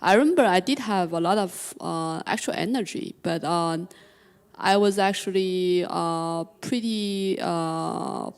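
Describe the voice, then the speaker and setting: Hesitant woman with a low voice. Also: unhurried, clear, resonant tone. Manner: hesitant, many "uh" fillers. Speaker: student in the audience.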